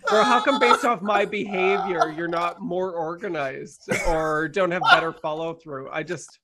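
A man's voice: a little high, expressive, unhurried, a crowd in the background. A man co-hosting a podcast, in casual chat with teasing, sassy banter. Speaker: podcast co-host.

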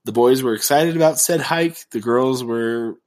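A man's voice: mid-range voice, normal speed, a little mellow. A man in his thirties co-hosting a parenting podcast, telling stories in a casual, joking way. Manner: joking, storytelling. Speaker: podcast co-host. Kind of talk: casual chat.

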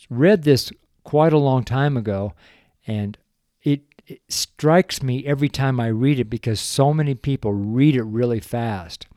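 A man with a mellow, warm voice gives informal Bible teaching on his show. He talks slowly and with emphasis, and breaks in with conversational asides. The sound is dry and close. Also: medium pitch, dry recording.

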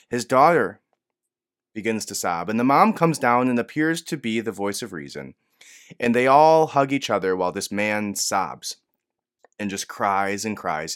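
Animated, profane man commenting on news. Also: lowish voice. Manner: animated, profane, swings from hushed to loud. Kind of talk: casual commentary.

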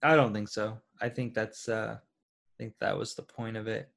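A man's voice: fairly low pitch, little pitch movement, normal speed, vocal fry, a bit bright. A man co-hosting a casual film review chat, laid-back with dry quips. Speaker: podcast co-host.

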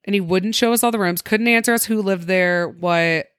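A young woman co-hosting a podcast, telling stories in an animated way with laughter and acted-out voices. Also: mid-range voice, normal speed, clean tone, no room sound, clean studio sound. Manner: animated, laughing, acts out quoted people. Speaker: podcast co-host. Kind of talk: casual storytelling chat.

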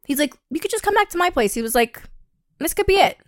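Animated young woman telling a story, dry sound. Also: fast, dry recording. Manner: animated, acts out quotes with a higher pitch, swears, laughs. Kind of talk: casual chat, telling a dating story.

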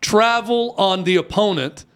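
A high-pitched man in his thirties tells a long story in a casual chat. He talks in an animated way and jumps up in pitch whenever he acts out the people in it. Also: a little slow, clear, resonant tone. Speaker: youth basketball coach telling a story.

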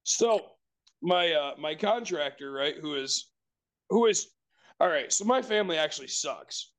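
High-voiced man telling rambling stories. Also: expressive, a little slow, fairly bright tone. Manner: rambling storyteller, swears freely, many restarts. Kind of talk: casual chat.

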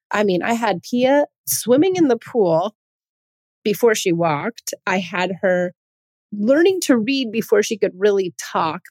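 A woman's voice: a little mellow, no room sound. A woman hosting a parenting podcast, talking earnestly on her own and asking her listeners many questions. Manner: acts out quoted parents in higher voice. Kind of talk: solo podcast talk.

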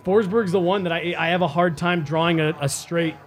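A man host, fairly high voice, thinking out loud, restarts a lot. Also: fairly even intonation, a little fast. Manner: thoughtful, musing, with many restarts. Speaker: podcast host. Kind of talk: casual sports chat.

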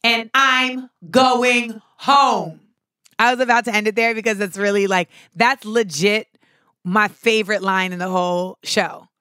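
A young woman hosting a podcast, chatting casually and comically, swearing freely and breaking into shouts as she acts out scenes. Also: mid-range voice, fairly even intonation, normal speed, clean tone, no room sound, studio quality. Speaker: podcast host. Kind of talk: casual comedic monologue.

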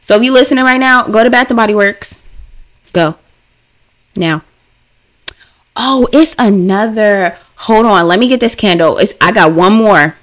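A woman hosts her own podcast in a loose, chatty way. She sounds playful and animated, repeating phrases for effect, and her voice sits at an ordinary middle pitch. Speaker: podcast host. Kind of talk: casual solo podcast chat.

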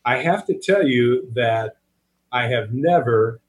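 A man's voice: mid-range voice, expressive, takes it slowly, low-quality recording. A man who is an author and podcast guest, sincerely thanking the hosts in an interview. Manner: earnest, sincere, trails off softly.

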